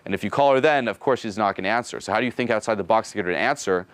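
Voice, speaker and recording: Fast-talking man coaching a group. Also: on the low side, fairly bright tone, no echo. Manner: rapid, casual, profane, keeps checking in with "okay?"; acts out dialogue while explaining. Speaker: dating coach.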